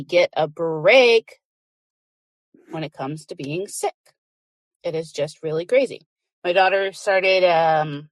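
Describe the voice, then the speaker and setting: A woman's voice: mid-range voice, no room sound, clean studio sound. A woman hosting a live podcast chat with a stuffy, congested voice, chatty and laughing often with lots of fillers. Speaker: podcast host.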